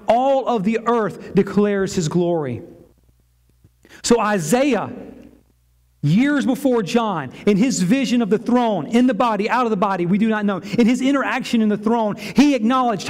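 A man preaching a sermon in a church as pastor, emphatic and repetitive, building phrases for effect. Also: high voice.

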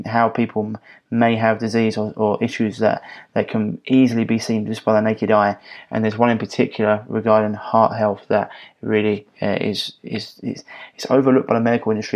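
Low, flat-voiced English man hosting. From England. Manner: rambling, many fillers and restarts. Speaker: podcast host. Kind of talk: casual podcast intro and promotion.

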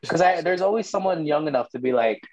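A playful young man in casual conversation who likes to tease and laughs easily. His voice sits a little high, and the recording is slightly dull and lo-fi. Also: expressive, over a noisy crowd. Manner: playful, teasing, quick to laugh. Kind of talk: casual chat.

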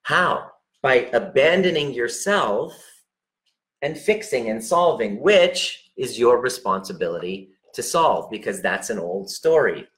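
Man, lowish voice, relationship coach, blunt, emphatic, swearing, direct address. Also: a bit bright. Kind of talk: direct unscripted coaching talk.

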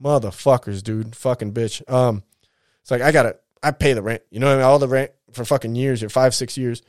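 A man's voice: mid-range voice, steady tone, fairly quick, dry recording, clean studio sound. A man in his thirties telling his life story in a casual, rambling monologue, blunt and full of swearing and slang.

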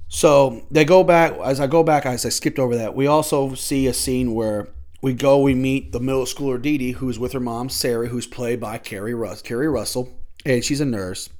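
A young man talking loosely through a movie's plot like he's chatting with friends. He stops and corrects names and details as he goes, at an ordinary middle pitch and an easygoing pace. The delivery stays unscripted and conversational throughout. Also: darkish tone. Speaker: podcast host reviewing a film. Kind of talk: casual spoken film recap.

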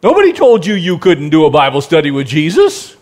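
A male pastor delivering a sermon in a high, lively voice that swings widely in pitch. He keeps firing rhetorical questions at his listeners and now and then softens into a gentle hush. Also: brisk. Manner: animated preaching, rhetorical questions to the congregation; drops to a soft, gentle tone for quiet passages.

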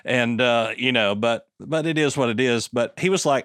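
A man's voice: mid-range voice, normal speed, fairly bright tone, clean tone, no room sound, clean studio sound. A man in his thirties with a Southern US accent, hosting a casual interview and telling easygoing stories with acted-out dialogue. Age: 30s. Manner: easygoing storyteller who acts out quoted dialogue. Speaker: podcast host.

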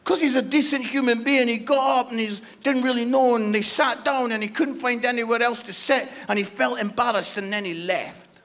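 Male guest preacher with a very high, sharp voice, fervent, with hush-to-shout swings. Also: fairly even intonation, normal speed. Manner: passionate, swinging from hushed near-whispers to shouts. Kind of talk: sermon. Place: church service.

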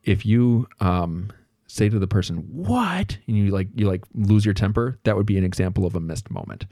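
A man's voice: low voice, a little fast, warm tone, no echo, clean studio sound. A man hosting a podcast, talking through ideas in a casual, conversational way, thinking aloud with fillers and made-up examples. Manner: acts out little bits of dialogue in passing. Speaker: podcast host. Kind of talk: casual solo explanation.

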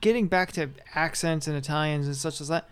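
A man's voice: on the high side, fairly quick, smooth. A man chatting casually on a podcast, a wry storyteller who acts out little quotes. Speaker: podcast co-host. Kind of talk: casual chat.

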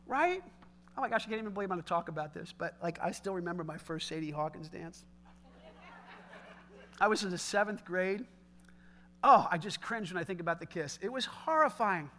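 A man preaches with an animated energy and talks straight to his congregation. His voice is unusually high for a man. The tone is bright and ringing. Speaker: pastor. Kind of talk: sermon.

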